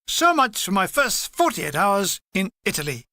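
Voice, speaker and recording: A man's voice: high voice, big pitch swings, moderate pace, pushed and bright, no echo. A man reading a comic wartime memoir aloud, with dry timing and voices for the dialogue. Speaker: audiobook reader.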